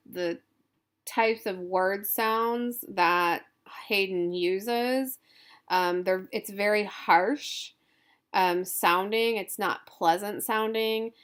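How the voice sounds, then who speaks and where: A woman college instructor giving a recorded lecture, informal and thinking aloud as she goes. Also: medium pitch.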